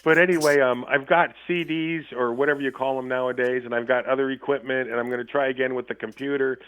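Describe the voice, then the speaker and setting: This caller, a guest musician, has a medium-pitched, fairly even voice that is fast and smooth. He rambles through profane stories in a casual storytelling chat, laughing frequently, and the phone call sounds tinny.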